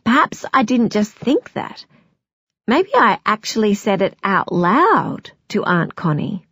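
A woman's voice: mid-range voice, very animated, takes it slowly, fairly bright tone, husky, no echo, lo-fi sound, heavily acted. A woman voicing a flustered, self-conscious young woman in an audiobook. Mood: dismayed.

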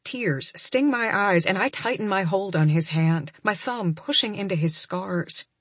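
A young adult woman narrating a first-person romance audiobook, soft and emotional, often close to a whisper. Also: medium pitch, expressive, unhurried, slightly rough, no echo.

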